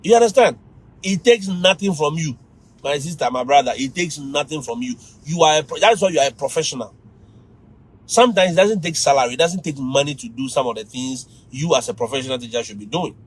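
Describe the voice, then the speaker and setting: Ghanaian guy teacher, husky higher voice, chatty livestream pep talk, laughs a lot. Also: a little fast, poor audio. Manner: animated, mimics students, laughs often. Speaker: teacher giving advice.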